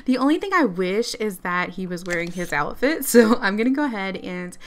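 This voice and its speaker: A woman doing let's play commentary on a life-sim game, excitable and quick to exclaim and laugh. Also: medium pitch. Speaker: gamer.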